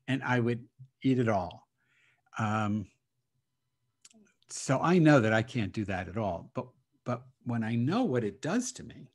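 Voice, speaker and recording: A rabbi speaking as a guest on a video call, reflective and hesitant, laughing often between thoughts. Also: male voice, medium pitch. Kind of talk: casual spiritual talk over video call.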